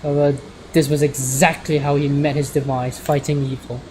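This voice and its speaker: A man's voice: on the high side, level tone, normal speed, darkish tone, slight background noise, low-quality recording. A man streaming as he reads a visual novel aloud, often stumbling and correcting his words.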